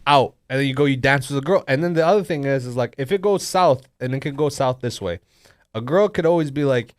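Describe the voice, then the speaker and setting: A man's voice: medium pitch, fast talker, dry recording, studio quality. A man in his thirties co-hosting a podcast, teasing his friend in crude, casual banter and laughing often. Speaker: podcast co-host.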